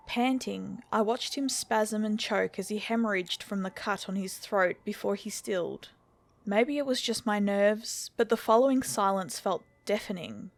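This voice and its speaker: A woman narrates a scripted horror tale in a steady, measured way. Her voice sits at a middle pitch and keeps an even storytelling pace. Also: gravelly.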